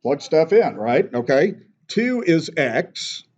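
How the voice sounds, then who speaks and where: A man's voice: fairly high pitch, big pitch swings, slow, a little mellow, lo-fi sound. A man teaching a math class, patiently walking through steps and checking in with "okay?". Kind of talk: classroom lecture.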